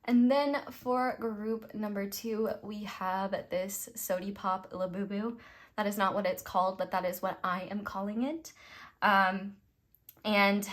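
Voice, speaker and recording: A young woman reading tarot for her viewers in a casual, rambling way, laughing often at her own jokes. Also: mid-range voice. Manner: giggly, rambling, self-deprecating. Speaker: tarot reader.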